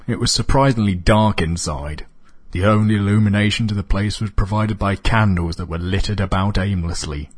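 A man reading a comic story aloud as narrator, in a deadpan manner. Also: deep voice, slightly rough.

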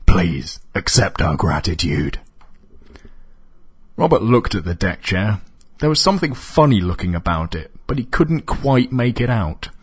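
A man reading a comic story aloud as narrator, in a deadpan manner. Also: medium pitch, normal speed, husky.

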